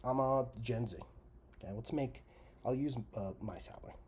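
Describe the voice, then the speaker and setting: A man hosting a podcast, delivering a sarcastic, profane comedic rant that jumps from loud jabs to muttered asides. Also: medium pitch, moderate pace, a little hiss or hum. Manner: animated, sarcastic, heavy swearing, trails into mutters and whispers. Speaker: podcast host.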